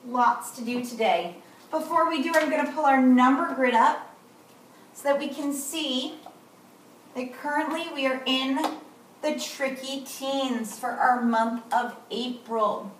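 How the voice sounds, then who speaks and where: A woman teaching kindergarten, slow and sing-song and encouraging as she spells out letters and sounds for young children. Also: high voice, a little hiss or hum. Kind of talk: recorded morning lesson for young children. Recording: roomy echo, voice a bit far from mic.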